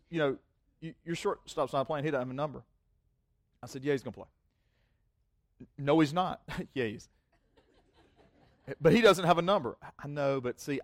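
A man's voice: medium pitch, no echo. A man preaching a sermon, telling a personal story in a rambling, self-mocking way, often repeating words and acting out both sides of a conversation. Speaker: pastor.

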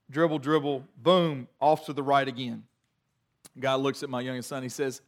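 A middle-aged man preaching a sermon, telling a family story before the scripture reading, in a chatty, self-deprecating, animated way. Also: mid-range voice, normal speed, pauses often. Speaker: pastor.

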